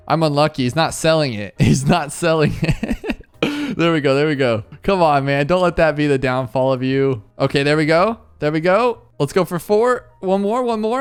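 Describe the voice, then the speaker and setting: Excitable gaming commentator, smooth higher voice. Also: male voice, normal speed, soft background music. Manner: excitable, talks to viewers while playing. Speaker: gaming YouTuber. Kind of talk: video game commentary.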